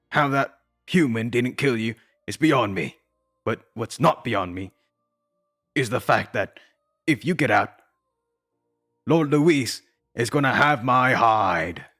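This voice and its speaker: A man's voice: mid-range voice, slow, long pauses, fairly bright tone, soft background music. A man voicing a treacherous commander who makes clipped, cold threats. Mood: menacing.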